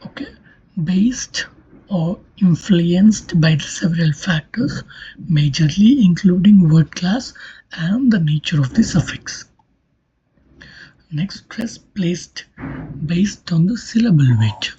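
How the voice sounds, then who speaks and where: Woman doing a recorded lecture, low mellow voice, half-whispered bits. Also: expressive, slow pace, long pauses, husky. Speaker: linguistics lecturer. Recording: dull lo-fi recording.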